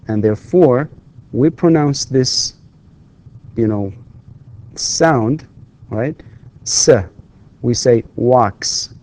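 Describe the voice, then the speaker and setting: Man, middle-aged, native Arabic speaker, English lecturer, mellow voice, slow and deliberate, repeats words, hesitant fillers. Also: mid-range voice. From Saudi Arabia. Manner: hesitant, with frequent fillers and restarts when explaining. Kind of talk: recorded lecture.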